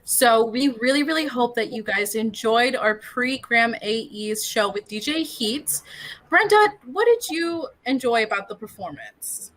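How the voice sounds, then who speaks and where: A woman's voice: a little high, animated, a little slow, fairly bright tone. A young woman from Illinois, a student co-hosting an awards ceremony over a video call in an upbeat, playful way. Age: young adult. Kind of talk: casual hosting chat.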